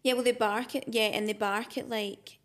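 A woman's voice: a little high, steady tone, normal speed, a bit bright. A young woman co-hosting a podcast, chatty and conversational, often tagging sentences with "right?". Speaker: podcast co-host. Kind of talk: casual chat, reading listener stories.

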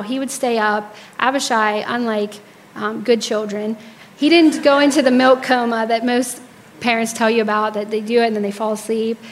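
A woman's voice: fairly high pitch, slight background noise. Woman giving a storytelling sermon. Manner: animated storyteller acting out quotes. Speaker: speaker at church service.

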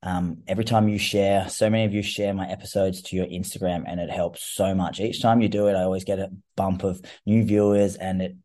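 An Australian man with a low voice hosts a solo fitness podcast. He talks in a loose, chatty way, rambling a little with casual fillers. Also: little pitch movement, fairly quick, hardly any pauses, mellow. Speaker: fitness coach podcast host.

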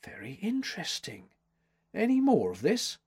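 A man reading aloud, voicing a sixty-year-old woman art critic with a faint foreign accent, brisk and terse. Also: on the high side, very animated, a little mellow, breathy edge, pitched above the performer's own voice, full character voice. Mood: crisp, judging.

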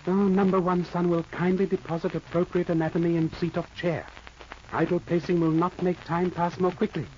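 An actor playing a formal, patient older detective who speaks in clipped, stilted phrases without articles and quotes proverbs, in 1940s radio acting style. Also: male voice, sits high, level tone, a little fast, darkish tone, natural voice. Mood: calm, formal. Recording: muffled old radio recording with hiss.

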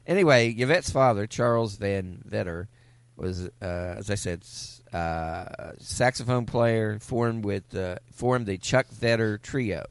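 A man co-hosting a comedy podcast, reading a film star's biography from notes and often pausing on fillers. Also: fairly low pitch, animated, no echo. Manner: reads notes with frequent filler pauses. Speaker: podcast co-host.

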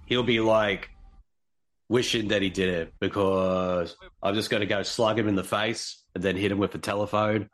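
A man's voice: fairly low pitch, fairly even intonation, normal speed, natural voice. A man doing a goofy impression of a famous Australian actor, bragging in a mock Australian accent. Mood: boastful. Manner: boastful, goofy bravado.

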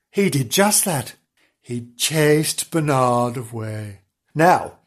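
A man's voice: a little high, slightly rough. A man reading a children's story comically, rambling and melodramatically self-pitying between passages. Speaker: storyteller host.

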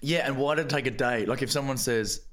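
A man co-hosting a podcast, introducing clips and throwing in quick joking asides. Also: mid-range voice, fairly bright tone. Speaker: podcast co-host. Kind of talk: casual chat.

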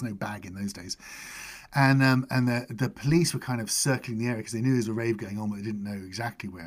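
A middle-aged man, chatting casually and telling lively anecdotes as a podcast host. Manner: animated anecdotes with high-pitched character voices. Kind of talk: casual storytelling chat.

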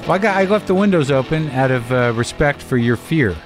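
A man's voice: medium pitch, lively intonation, fairly quick, soft background music. Rambling, profane comedic male podcast host. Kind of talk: casual comedic monologue.

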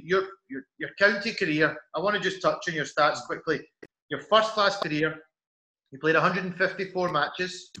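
A man's voice: a little high, sharp tone, roomy sound, rough recording. A man hosting a casual interview, chatty and friendly, recounting memories and reading out statistics. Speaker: host.

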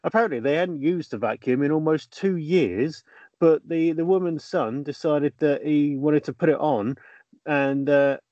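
A man with a higher, darkish voice speaks at a moderate pace, recorded dry with dull audio. Co-hosting a podcast in casual chat, he reads a news story, telling it with fillers and teasing questions.

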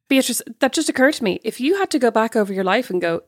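A woman's voice: on the high side, expressive, fast talker, no room sound. Teasing woman podcast co-host, dry sound. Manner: teasing, wry. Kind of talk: casual chat.

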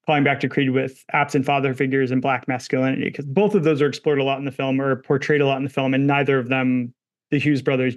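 Flat-toned man analyzing film scenes. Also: mid-range voice. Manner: analytical, talks through film technique. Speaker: film podcast co-host. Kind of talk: casual film discussion.

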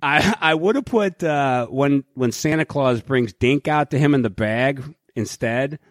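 A man co-hosting a casual podcast, telling stories in an animated, profane way. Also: mid-range voice, a little slow, no echo, studio quality.

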